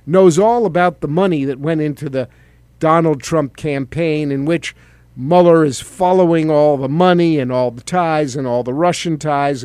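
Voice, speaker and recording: A man's voice: fairly high pitch, darkish tone, no room sound. A middle-aged man hosting a political commentary show, sardonic and conversational, with fillers. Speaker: talk show host, former congressman.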